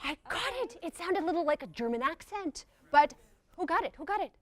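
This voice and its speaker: Woman, game host, high bright voice, lively swooping pitch, bubbly, cheers loudly. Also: a little fast, dry recording. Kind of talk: hosting a live word game. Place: performance hall with audience. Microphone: handheld microphone.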